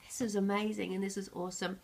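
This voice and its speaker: A woman's voice: medium pitch, flat delivery, fast talker, gravelly. A woman psychic reading oracle cards and books for a viewer, in an earnest, reflective way with light laughs. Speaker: psychic reader.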